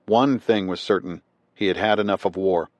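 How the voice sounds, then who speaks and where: Male audiobook narrator, low voice, dry booth sound, measured scripted delivery. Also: no echo. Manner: measured, steady reading.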